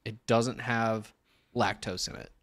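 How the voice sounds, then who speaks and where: A man's voice: on the low side, level tone, slow, noisy background. A man co-hosting a podcast in casual chat, often hesitating with filler sounds. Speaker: podcast co-host.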